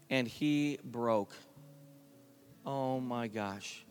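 A man in his thirties, a worship leader, telling a personal story in earnest and dropping to a hushed tone at emotional points. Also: on the high side, moderate pace. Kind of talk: storytelling sermon at a worship service. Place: large worship hall. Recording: live hall reverb with guitar music.

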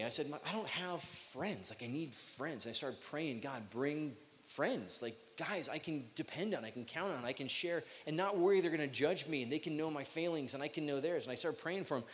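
Chatty man speaking in an echoing hall. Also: medium pitch. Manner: chatty, self-joking, acts out quotes. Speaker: youth speaker. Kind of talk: talk to young people. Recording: long hall reverb, faint hiss.

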